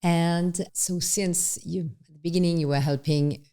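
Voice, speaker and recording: A woman's voice: on the low side, steady tone, unhurried, dark tone, clean tone. A woman hosting a podcast interview, eagerly prompting her guest with questions.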